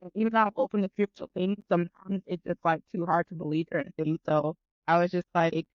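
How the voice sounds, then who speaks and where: A woman guest on a podcast telling a story in casual chat, animated and profane, acting out both sides of the conversation. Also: lowish voice, quick pace, dry recording, dull audio.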